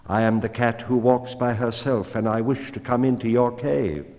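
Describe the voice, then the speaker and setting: A man voicing a sly, independent female cat in a storybook, speaking in a measured, coaxing way. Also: medium pitch, a little mellow, pitched above the performer's own voice, natural voice. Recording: long hall reverb.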